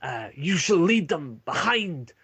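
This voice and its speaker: A man voicing a stern male dwarf commander who gives booming, drawn-out orders. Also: very animated, fairly bright tone, husky, full character voice. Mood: commanding. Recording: lo-fi online call.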